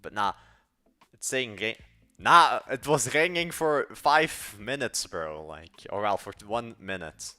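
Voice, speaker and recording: Bright-voiced Belgian teen streamer. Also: male voice, fairly low pitch, lively intonation, slow, soft background music. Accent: Belgian Dutch. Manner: rambling, slangy, talks to chat and mutters while working. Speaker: live-streaming app developer. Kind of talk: casual live stream chat.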